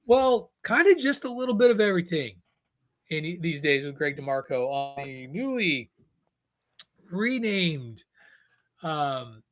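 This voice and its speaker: A middle-aged man hosting a podcast, telling stories in casual, animated chat and rambling with restarts. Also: on the high side, unhurried, long pauses. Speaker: podcast host.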